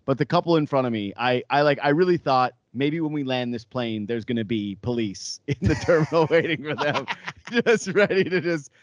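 Animated jokey man, dry mic. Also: mid-range voice, normal speed, no room sound. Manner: animated, jokey, acts out quotes. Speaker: sports podcast co-host. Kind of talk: casual chat.

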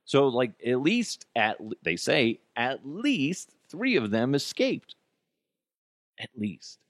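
A man giving a profane comedic rant about the news, sarcastic and animated, jumping into high mocking voices. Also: dry recording, studio quality. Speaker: comedic commentary host.

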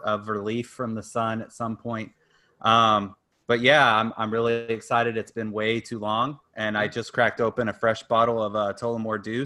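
A man's voice: mid-range voice, sharp tone. A man co-hosting a casual sports podcast, wry and blunt, often stammering as he starts sentences. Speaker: podcast co-host.

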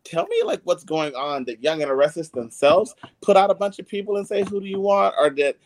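A man's voice: high voice, very animated, brisk. A man hosting a casual chat, enthusiastic and gossipy, with lots of fillers. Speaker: host.

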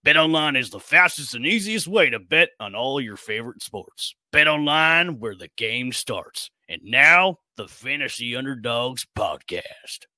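Guy doing a growly wrestler hype voice, bright and punchy, reading an ad, no room sound. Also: medium pitch, animated, measured pace, hardly any pauses, no echo. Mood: hyped. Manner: over-the-top growling promo read. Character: hyped-up gravelly male pro-wrestler announcer. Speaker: ad reader.

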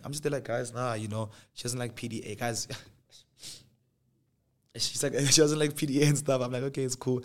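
A young man with a South African accent telling a personal story in a casual, animated way, acting out the other people's lines. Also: mid-range voice, normal speed. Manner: animated, acts out dialogue in different voices. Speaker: podcast host.

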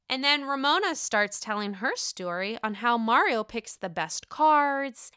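A woman's voice: fairly high pitch, sharp tone, clean tone, no room sound, clean studio sound. A young woman hosting a casual podcast, recapping a reality show in a chatty, gossipy way and swearing freely. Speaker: podcast host.

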